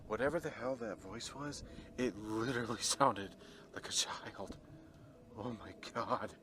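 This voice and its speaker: A man's voice: medium pitch, measured pace, background noise. Jumpy man on a night ghost hunt. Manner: nervous, jumpy exclamations. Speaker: paranormal investigator. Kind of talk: ghost hunting vlog.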